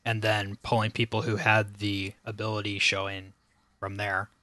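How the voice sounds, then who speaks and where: A man's voice: fairly low pitch, monotone, moderate pace, sharp tone, no echo. An American man guesting on a podcast, giving short, dry answers in a casual chat. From United States.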